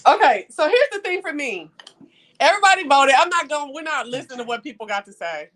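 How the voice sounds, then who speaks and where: High-voiced, animated woman streamer. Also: fast. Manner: laughing, slangy, emphatic retelling. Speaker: live stream host. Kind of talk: animated reaction commentary.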